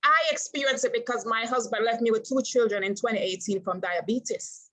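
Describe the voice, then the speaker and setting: A woman's voice: a little high, brisk, fairly bright tone, poor audio. A Jamaican woman in her forties, giving an emphatic, preacherly talk to an audience and slipping into patois. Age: 40s. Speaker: panel speaker.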